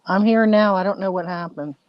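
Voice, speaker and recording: A woman's voice: mid-range voice, fairly even intonation, brisk, dry recording, muffled recording. A woman with an American accent, a panel guest on a call, chatting and asking lots of curious questions. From United States. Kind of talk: casual chat. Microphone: online call.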